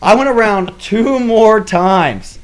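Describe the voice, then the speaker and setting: A man's voice: sits high, expressive, slow pace. A man co-hosting a podcast, telling a story in casual chat and acting out his own reactions. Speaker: podcast co-host.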